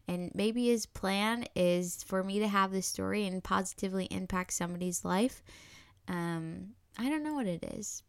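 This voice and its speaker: Woman, low-pitched, earnest and emotional, dry close recording, nervous laughs between phrases. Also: gravelly, dry recording. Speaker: new mother telling her birth story. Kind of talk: candid personal storytelling.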